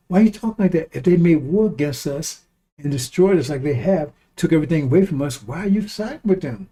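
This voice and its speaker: Mellow-voiced man preaching bluntly. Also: fairly high pitch, lively intonation, brisk, breathy edge. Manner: blunt and profane, repeats lines for emphasis; chuckles between remarks. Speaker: online commentator. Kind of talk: fiery preaching-style monologue.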